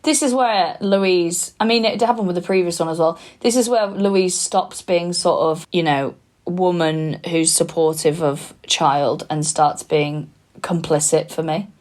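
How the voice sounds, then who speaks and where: Woman podcast cohost, blunt and sweary, kinda low voice, casual crime chat. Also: unhurried, a little mellow. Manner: blunt, sweary, restarts sentences. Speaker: comedian podcast co-host.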